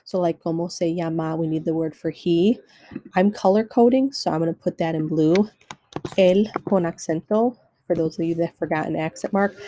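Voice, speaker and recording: Female teacher, lowish mellow voice, patient step-by-step video lesson delivery. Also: no echo, poor audio. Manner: step-by-step instructional, repeats keyboard steps. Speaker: Spanish teacher. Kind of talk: recorded screen-share lesson.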